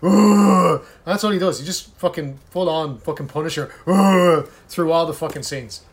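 A man's voice: on the high side, moderate pace. Sweary, ranting man. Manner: heavy swearing, animated ranting. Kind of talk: casual chat.

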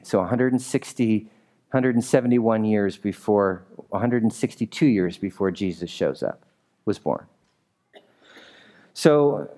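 Conversational, animated male pastor preaching. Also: mid-range voice. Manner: conversational, animated, asks the congregation questions. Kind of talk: sermon. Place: church.

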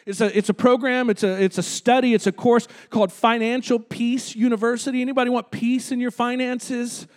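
A man's voice: extremely high pitch, level tone, fairly quick, few pauses. A male pastor preaching a conversational sermon in a church, calling out to the congregation. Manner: conversational preaching with audience call-outs. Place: church sanctuary.

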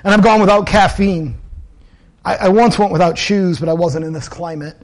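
A pastor with a fairly high male voice delivers a sermon. He talks earnestly and conversationally, weaving in personal stories and repeating key phrases for emphasis. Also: steady tone, normal speed.

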